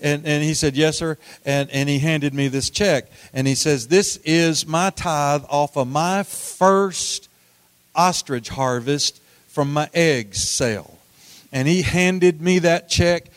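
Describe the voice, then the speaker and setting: A middle-aged man preaching a sermon, telling folksy stories with repeated words and swings from loud to hushed. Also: fairly high pitch, takes it slowly, smooth, no room sound. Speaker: pastor.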